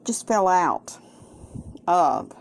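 A woman's voice: fairly low pitch, sing-song, drawn-out words, creaky. A woman vlogging casually in her home kitchen, playful and doting, full of delighted exclamations. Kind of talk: casual cooking vlog.

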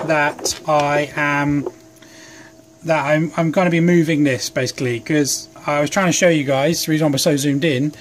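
A young man with a slightly higher voice talks in a loose, rambling, self-deprecating way as he works at a home bench. He sounds a little sleep deprived. A faint hum sits under the phone recording. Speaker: hobby craft vlogger. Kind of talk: casual chat while working. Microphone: phone camera.

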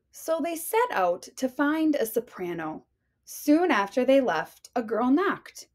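Slow sing-song woman reading a storybook. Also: on the high side, big pitch swings. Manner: sing-song rhyming delivery. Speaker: teacher reading aloud. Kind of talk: storybook read-aloud.

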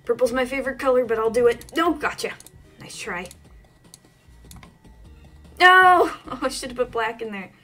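A woman's voice: a little high, steady tone, quick pace, soft background music. Flustered woman narrating her own gameplay. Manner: talks to herself, frequent flustered yelps and laughs. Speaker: gaming channel host. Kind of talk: casual let's-play commentary.

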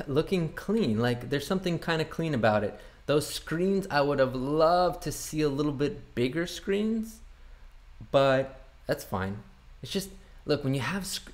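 A man's voice: fairly high pitch, lively intonation, measured pace. A man, a boat broker, casually reacting to a promotional video, chatty and opinionated as he thinks aloud.

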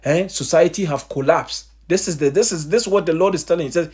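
Preacher man, kinda high husky voice, keeps asking meaning what and calling everyone family. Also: fast, few pauses, darkish tone. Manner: calls listeners "family", rhetorical question-and-answer. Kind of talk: sermon.

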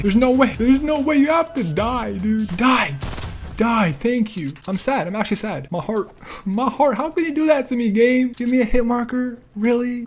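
A young man giving jokey gameplay commentary, trash-talking, boasting loudly and then grumbling under his breath. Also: extremely high pitch. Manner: animated, jokey and trash-talking, swings between loud boasts and mumbled gripes. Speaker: gaming YouTuber.

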